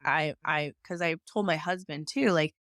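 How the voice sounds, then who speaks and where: A woman's voice: sits low, moderate pace, a bit bright, dry recording, clean studio sound. A woman and mother hosting a podcast, chatting openly and asking long questions. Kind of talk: casual interview talk.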